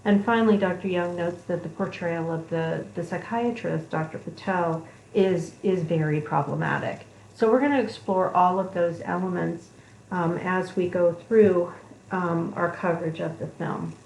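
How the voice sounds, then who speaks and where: A woman teaches a class in a relaxed, conversational way, often pausing with fillers. Her voice sits slightly low. The recording has an echoey room sound and a faint hiss. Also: gravelly. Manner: conversational, with frequent ums. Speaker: instructor. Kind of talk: lecture.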